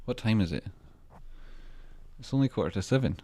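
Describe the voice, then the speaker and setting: A man's voice: lowish voice, lively intonation, normal speed, warm tone. A man hosting a trading livestream, chatting casually and rambling as he jokes and reacts to viewer messages.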